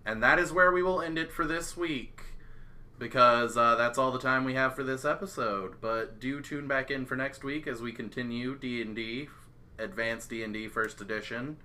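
Casual: guy running a d&d table, really bright sharp tone, laid back and chuckly. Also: medium pitch, moderate pace. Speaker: game master.

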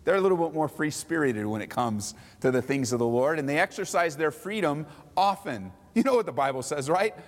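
A man preaching a sermon as a pastor, lively and acting out mocking voices of others. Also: a little high, brisk, long reverb tail.

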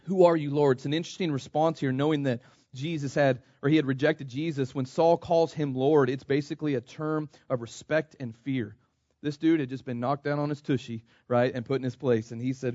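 A man's voice: on the high side, moderate pace, no echo, lo-fi sound. A man from the United States preaching a sermon, repeating himself and calling the congregation "church". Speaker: pastor.

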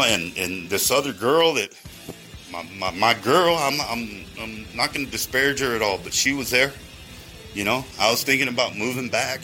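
Sharp-voiced man ranting. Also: mid-range voice. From Texas. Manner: heavy swearing, rambling tangents, addresses listeners directly. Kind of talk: rambling profane monologue.

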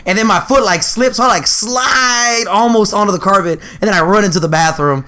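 A man's voice: high-pitched, brisk. A young man in his twenties, co-hosting a podcast, telling casual stories with frequent laughs and acted-out quotes. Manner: laughs often, animated storytelling with quoted voices. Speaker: podcast co-host. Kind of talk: casual storytelling chat.

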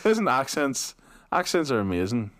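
A man's voice: mid-range voice, sing-song, a bit bright, no room sound. A young man with a Liverpool accent, co-hosting a podcast and bantering casually with his co-host. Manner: joking, quick, banter-heavy. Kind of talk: casual chat.

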